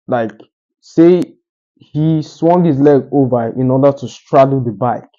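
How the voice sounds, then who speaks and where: A man talking straight to the camera with deliberate pauses, teaching how to speak more articulately. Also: medium pitch, mellow, highs cut off. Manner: deliberate, uses pauses for emphasis. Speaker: communication coach. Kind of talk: solo talking-head advice.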